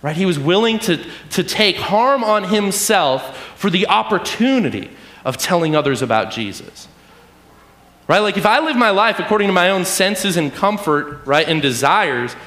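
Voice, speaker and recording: A man giving a relaxed, chatty sermon, checking in with his listeners again and again. His voice sits fairly high. It rings in an echoey room. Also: normal speed. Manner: conversational, keeps asking "right?". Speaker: preacher. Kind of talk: casual sermon.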